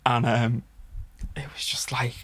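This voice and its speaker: A man with a Merseyside accent chats as a podcast guest, telling stories in a laid-back, sweary way and laughing as he goes. His voice is a little husky and sits at an ordinary middle pitch. The sound is close and dry, with no room around it. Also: flat delivery, slow, fairly bright tone, no echo. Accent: Merseyside English. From Wirral, England. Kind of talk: casual storytelling chat.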